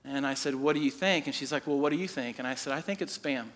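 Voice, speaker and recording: A pastor in his forties preaching a sermon, telling a personal story with lively quoted dialogue. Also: mid-range voice, fast talker. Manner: animated storytelling, quoting people in his own voice.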